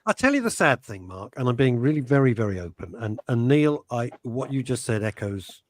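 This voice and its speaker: A man's voice: medium pitch, big pitch swings, fairly quick. A man hosting a radio talk show, speaking passionately and emotionally, rambling with many restarts. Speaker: host.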